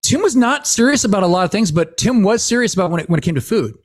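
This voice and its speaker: A rambling male podcast host with a slightly high voice, chatting casually and laughing as he tells family stories. He jumps into the voices of the people in his anecdotes. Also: animated, quick pace, a little hiss or hum. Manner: rambling storyteller, laughs often, acts out quotes.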